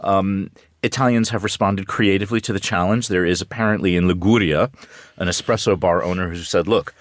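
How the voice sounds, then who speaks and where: A very low-pitched man speaks as a news commentator on radio, weighing his points with a dry wit and scattered ums. The studio sound is close and dead, with no room around him. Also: a little fast, no echo. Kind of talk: radio current-affairs discussion.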